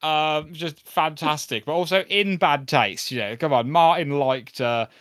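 Smooth-voiced podcast co-host. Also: male voice, on the high side, unhurried, fairly bright tone. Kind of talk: casual chat.

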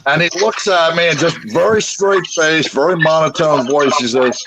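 Gravelly-voiced man telling wrestling-school stories. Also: on the high side, moderate pace, hardly any pauses. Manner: animated, tells stories with punchlines. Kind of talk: casual anecdote telling. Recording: noisy podcast recording.

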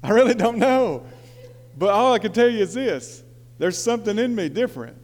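Pastor in his 40s, high voice, sermon in a reverberant church hall; storytelling, shifts between hushed and fired-up. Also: moderate pace. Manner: storytelling, swings from quiet confiding to loud excited preaching.

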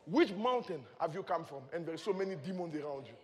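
A man preaching a sermon, moving between quiet teaching and shouted praise, often chuckling as he speaks. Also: a little high, lively intonation, fast. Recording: long hall reverb.

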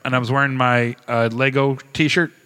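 Bright-voiced man telling profane stories. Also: mid-range voice, normal speed, clean tone. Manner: profane, animated storytelling. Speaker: podcast co-host. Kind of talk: casual chat.

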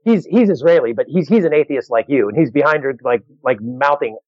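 A man working as a stand-up comedian, telling a story in a casual, animated way, restarting phrases and acting out the people in it. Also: mid-range voice, dry recording. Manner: animated, quick restarts, acts out other voices. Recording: dull lo-fi dry recording.

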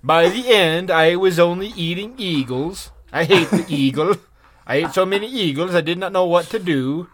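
A man co-hosting a podcast in loose, joking chat. His voice sits fairly high, and he swears freely and spins silly riffs. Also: normal speed. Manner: joking, swears a lot, playful. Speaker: podcast co-host. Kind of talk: casual chat.

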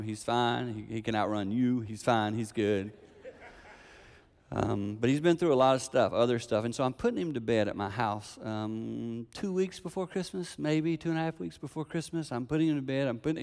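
An older man preaching a sermon, telling a family story with animated delivery and acting out the voices of the people in it. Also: medium pitch, big-room sound.

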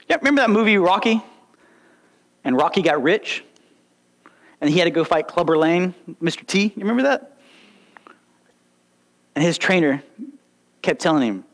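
A man's voice: fairly high pitch, animated, normal speed, pauses often. A young man preaching a sermon, emphatic and full of rhetorical questions and stories. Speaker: pastor.

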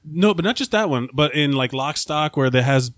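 An American man hosting a loose comedy podcast with a slightly high voice. He rambles, restarts his sentences and swears freely. The sound is dry and close, with no room echo. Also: animated, moderate pace. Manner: rambling, profane, lots of restarts. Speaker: host. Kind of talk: casual podcast chat.

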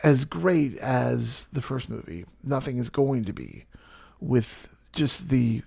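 Male podcast co-host, gravelly voice, wry film opinions. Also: mid-range voice, very animated, slow pace, darkish tone. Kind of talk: casual movie review chat.

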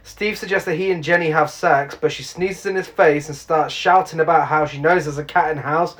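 A woman's voice: low-pitched, steady tone, fairly quick, few pauses. Giggly woman retelling a film plot. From United Kingdom. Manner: giggly, blunt, narrates plot in a run. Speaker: podcast co-host. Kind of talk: casual chat recapping a film.

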